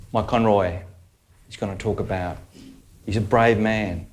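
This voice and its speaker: Low-voiced man hosting, joking casually. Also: steady tone, measured pace, long pauses, a little hiss or hum. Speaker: event host. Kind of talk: introducing the next speaker.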